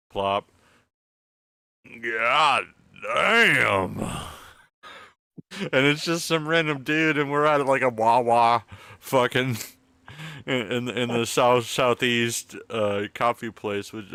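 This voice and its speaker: A man's voice: mid-range voice, fairly bright tone, clear, resonant tone, dry recording, clean studio sound. A man hosting a casual late-night podcast from home, rambling and stammering, swearing a lot as he tells a story. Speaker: podcast host. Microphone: close mic.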